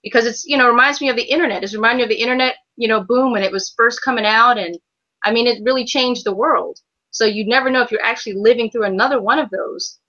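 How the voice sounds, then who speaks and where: Bright-toned woman, dull lo-fi recording. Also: on the high side, fast talker. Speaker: co-host of a crypto trading show. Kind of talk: casual chat. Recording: dull lo-fi sound.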